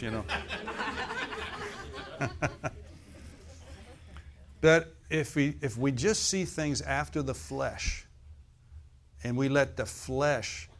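Folksy laughing male preacher. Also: mid-range voice. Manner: folksy, laughing asides, rhetorical questions to the congregation. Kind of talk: sermon. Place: church service.

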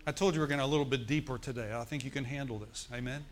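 A male pastor delivers a sermon at a very fast clip in a medium-pitched voice, with slight background noise. He tells stories with animation, acts out forced laughter, and breaks into call-and-response asides asking the congregation to answer.

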